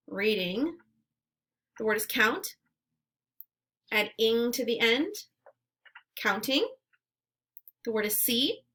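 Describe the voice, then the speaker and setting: A woman teacher leading a phonemic awareness lesson, saying words and sounds slowly and clearly, with short words of encouragement between drills. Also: on the high side, bright, forceful tone. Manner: slow, clearly enunciated drills.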